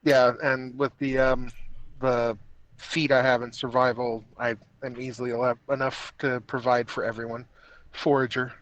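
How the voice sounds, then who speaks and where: A man with a middle-pitched voice plays in a tabletop game. He speaks hesitantly, pausing on ums and uhs as he decides what to do. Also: flat delivery, fairly bright tone, lo-fi sound. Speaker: player.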